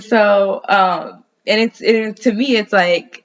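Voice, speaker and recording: Woman vlogger, casual and rambling, swears a lot, mid-pitched, muffled lo-fi audio. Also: fairly even intonation, slow pace, hardly any pauses. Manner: loose, rambling, sprinkled with swearing. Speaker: astrology vlogger. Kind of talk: casual personal chat.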